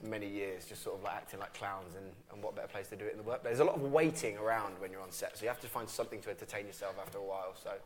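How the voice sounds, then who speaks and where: A man on a live press panel tells his stories quickly, in a somewhat low voice. He rambles cheerfully, with plenty of fillers and restarts. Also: crowd noise. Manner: lively anecdotes with many fillers and restarts. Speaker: cast member on a panel. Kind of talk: casual storytelling at a live press event.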